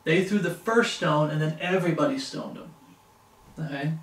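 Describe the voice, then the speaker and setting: A man's voice: fairly high pitch, moderate pace, echoey room, far from the mic, low-quality recording. A man preaching a sermon, reading Bible passages aloud and breaking off into impassioned plain-spoken asides. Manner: reads scripture in King James wording, breaks off into impassioned asides.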